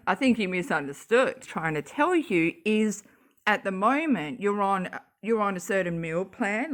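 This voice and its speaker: A woman's voice: medium pitch, fairly bright tone. A woman with an Australian accent reading social media posts aloud and ranting about them in a sarcastic voice, swearing often. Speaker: YouTube commentator.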